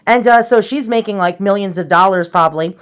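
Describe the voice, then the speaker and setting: A woman's voice: medium pitch, a little fast, clean tone. A woman hosting a casual show-and-tell vlog, chatty and rambling, with many fillers and restarts, nervous and self-deprecating. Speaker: antiques vlogger.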